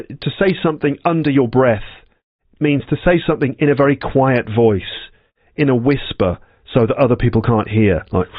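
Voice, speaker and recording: Male language teacher, calm and methodical, walks through vocabulary step by step; dry, slightly muffled sound. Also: mid-range voice, no room sound. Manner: slow, patient explanations with repetition. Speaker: English teacher. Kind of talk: explaining vocabulary from a story.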